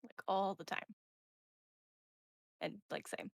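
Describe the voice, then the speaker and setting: A woman's voice: slow pace, no echo, studio quality. A bubbly, self-mocking woman player introducing herself at a tabletop game. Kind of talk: casual chat at a tabletop game.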